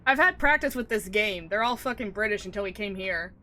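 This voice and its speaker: A woman's voice: medium pitch, expressive, a little fast, sharp tone. A woman streaming a video game, chatting casually with a rambling, self-deprecating manner and frequent swearing. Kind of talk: casual gameplay commentary.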